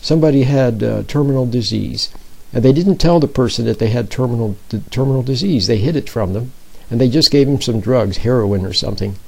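Husky guy doing a chatty bible talk, kinda rough breathy voice. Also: medium pitch, a little fast, few pauses, warm tone, low-quality recording. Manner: informal, checks in with listeners with repeated "see?". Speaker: speaker giving a Bible talk. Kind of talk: conversational sermon.

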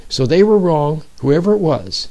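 A man's voice: fairly high pitch, expressive, moderate pace, mellow, poor audio. A man giving an informal, conversational sermon, often checking in with his listeners. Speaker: speaker giving a Bible talk.

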